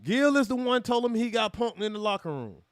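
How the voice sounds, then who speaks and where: Man, reaction host, high-pitched, dry close sound, profane, fired up, fires questions at the chat. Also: sing-song, a little fast, dry recording. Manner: heated, profane, rhetorical questions, calls out chatters. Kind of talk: commentary monologue to a live chat.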